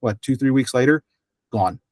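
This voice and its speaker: A man's voice: medium pitch, normal speed, no echo. A man hosting an interview who talks in a loose, rambling way, full of fillers and restarts, and acts out the people he quotes. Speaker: interview host. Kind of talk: conversational interview.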